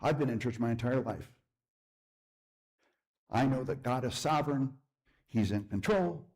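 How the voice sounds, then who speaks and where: Guest preacher, middle-aged man, mid-range husky voice, lively storyteller who drops to a hush for the point. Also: mid-range voice, a little slow. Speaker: guest speaker. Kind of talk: sermon testimony. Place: church.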